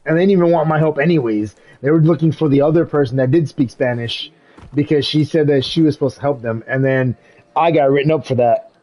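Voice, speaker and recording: A young man streaming a game, chatting casually and telling animated stories with frequent laughs and slang. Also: fairly high pitch, fast, low-quality recording. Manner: animated storytelling, laughs often, swears, says "bro". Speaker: gaming streamer. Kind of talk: casual live-stream chat while gaming.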